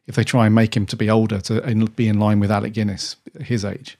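Casual male podcast co-host, lowish voice, loose rambling delivery. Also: flat delivery, brisk, a little mellow. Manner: rambling, with many restarts and "dude". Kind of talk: casual chat.

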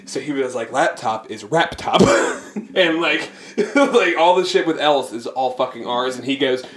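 A man's voice: mid-range voice, measured pace, a bit bright. A man co-hosting a podcast, telling crude joking stories in casual chat. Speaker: podcast co-host.

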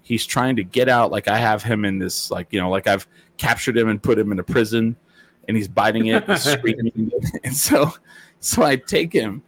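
A man's voice: lowish voice, lively intonation, normal speed, breathy edge, no room sound. A man telling a rambling, laughing story in casual chat, swearing freely.

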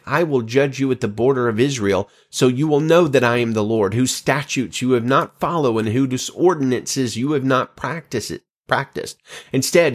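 A man reading Bible passages aloud in a measured, steady voice, lifting his pitch for quoted speech. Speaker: scripture reader.

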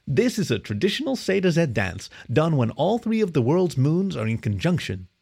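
An upbeat holographic teacher that greets and lectures children in a bright, projecting voice, voiced by a man. It sounds higher and louder than plain narration. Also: sing-song, normal speed, creaky, slightly rough, full character voice. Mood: lecturing. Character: cheerful holographic tutor, shape-shifting.

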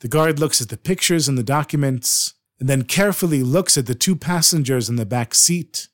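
A man telling a dramatic true story in an earnest, expressive way. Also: mid-range voice, brisk.

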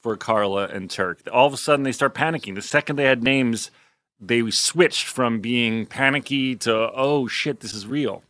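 A man's voice: mid-range voice, moderate pace, fairly bright tone, dry recording. A man in his forties with an ordinary mid-range voice co-hosts a casual podcast. He is playful and self-mocking and laughs easily. The sound is close and dry. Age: 40s. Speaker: podcast co-host. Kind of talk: casual chat.

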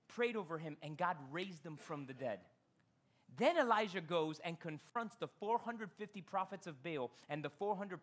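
A man preaching a sermon in a church, telling Bible stories with animated delivery and acting out the characters. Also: high-pitched. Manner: slips into Spanish phrases. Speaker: pastor.

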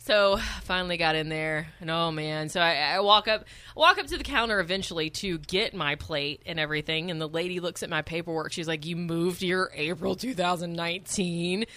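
A woman's voice: lowish voice, fairly quick, pushed and bright. A young woman co-hosting a radio morning show, telling a story in casual chat, laughing and acting out other people's lines.

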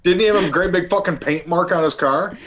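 A man's voice: sits high, fairly quick, fairly bright tone, poor audio. A man bantering with crude jokes and cursing on a casual podcast. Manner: profane, laughing banter. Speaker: podcast co-host.

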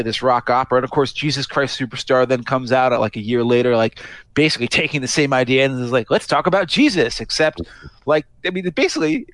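A man's voice: mid-range voice, a bit bright, no room sound. A man co-hosting a casual music podcast, telling anecdotes with a chatty, joking manner. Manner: chatty storyteller, self-deprecating humor. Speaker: podcast co-host.

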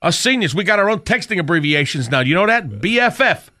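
A man's voice: sits high, big pitch swings, bright, forceful tone, exaggerated voice. A man doing a corny old stand-up comic. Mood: brash joking. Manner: rapid joke-telling, laughs at own punchlines. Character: corny older male stand-up comic, cheerful. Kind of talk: radio comedy stand-up bit.

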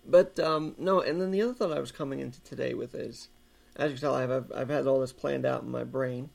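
A man's voice: mid-range voice, fairly even intonation, brisk, creaky, darkish tone. A man co-hosting a talk show, making earnest, opinionated points in casual political chat. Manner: earnest, opinionated, building an argument.

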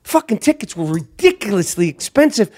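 A man hosting a sports podcast, talking in a profane, animated, rambling way. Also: high-pitched, a little fast. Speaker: podcast host. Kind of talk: casual sports podcast rant.

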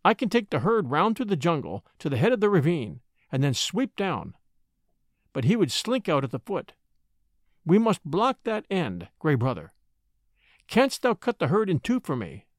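A man voicing a young boy raised by wolves, urgent and quick to give orders in an audiobook story. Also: a little high, sing-song, no room sound, studio quality. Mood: planning.

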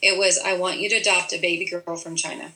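A woman telling a personal story in a frank, animated way, acting out her own thoughts as she goes. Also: on the low side, fast, heavy background noise. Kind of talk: casual storytelling.

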